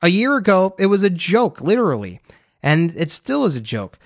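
A young US podcast host speaks alone in a casual, rambling monologue, filler-laden and chatty. His high-pitched voice is sing-song, at a moderate pace. The studio recording is clean, with no echo.

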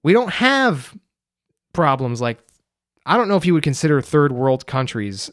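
A man's voice: on the high side, very animated, normal speed, fairly bright tone, dry recording, clean studio sound. Rambling young American man. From United States. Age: young adult. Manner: rambling, loose and chatty with frequent fillers. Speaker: podcast host. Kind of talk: casual solo monologue.

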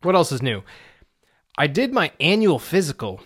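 A man's voice: fairly high pitch, sing-song, moderate pace, fairly bright tone, slightly rough. A man in a casual, rambling vlog monologue, profane and self-deprecating. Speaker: vlogger; amateur stage actor.

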